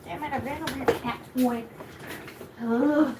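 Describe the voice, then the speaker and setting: Lethargic woman streamer, slow drawl, slightly high voice, casual swearing. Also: fairly even intonation, background noise. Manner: low-energy, sluggish, swearing casually; high sing-song baby talk to her cat. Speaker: YouTuber hosting a livestream. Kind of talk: casual livestream chat. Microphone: camera mic.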